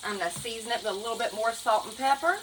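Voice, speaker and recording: A home cook with a Southern US accent chats fast in a fairly high voice while cooking in her home kitchen. Her casual cooking vlog narration is chatty and folksy, addressing viewers as y'all. The low-quality recording carries slight background noise.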